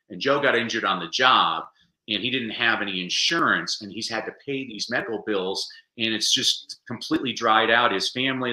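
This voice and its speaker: A man being interviewed on a podcast, telling animated stories and acting out the quotes. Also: on the low side, echoey room, poor audio. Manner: animated storyteller, acts out quotes. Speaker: guest speaker.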